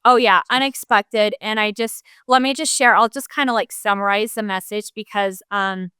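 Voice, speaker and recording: A woman's voice: mid-range voice, fairly even intonation, normal speed, clean tone, no echo, clean studio sound. A woman co-hosting a podcast, a mother talking in a chatty way full of "like" and "you know". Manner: chatty, warm interviewer tone, lots of "like" and "you know". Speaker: podcast co-host. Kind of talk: casual podcast conversation.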